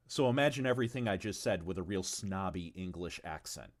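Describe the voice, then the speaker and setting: A man's voice: low-pitched, animated, a little fast, few pauses. A man chatting casually on a livestream about the tabletop game he is designing, rambling and swearing freely, with frequent stumbles and asides. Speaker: game designer presenting his tabletop game on stream.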